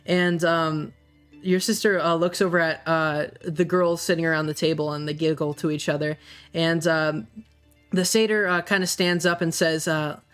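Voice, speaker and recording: A game master describing the scene in a hesitant, meandering way, with frequent pauses, over soft music. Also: mid-range voice, fairly even intonation, clear, resonant tone. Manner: hesitant, many fillers. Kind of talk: narrating a tabletop game.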